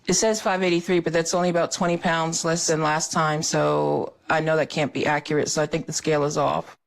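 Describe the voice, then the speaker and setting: A woman's voice: sits low, little pitch movement, a little fast, gravelly. A woman playing a pleading patient. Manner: pleading, insistent. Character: pleading heavy female weight-loss patient.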